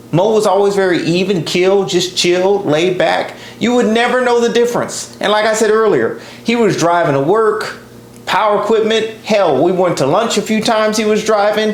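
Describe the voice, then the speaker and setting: A man in his thirties spins a casual personal story with a relaxed, chatty delivery and lively asides. His voice sits a bit high, and the room gives it a clear ringing echo. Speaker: podcast storyteller. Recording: roomy echo.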